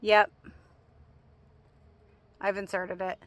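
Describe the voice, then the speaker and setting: Excitable lady chatting in her backyard garden, laughs a lot, camera mic outside. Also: mid-range voice, extremely slow, dry recording. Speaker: gardening vlogger. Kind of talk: casual garden vlog.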